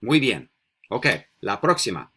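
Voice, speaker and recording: A man with a low voice leads a beginner language lesson on video. He is patient and encouraging, moving between English and Spanish. He slows down to model each word for his students. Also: very animated, fairly bright tone, slightly rough. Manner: patient, encouraging, repeats words slowly for students. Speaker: Spanish teacher. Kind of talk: recorded classroom video lesson.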